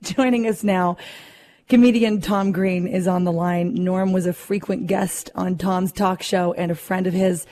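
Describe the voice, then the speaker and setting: A woman's voice: lowish voice, fairly even intonation, unhurried, warm tone. A woman presenter introducing a guest in a formal, scripted broadcast style. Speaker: news presenter.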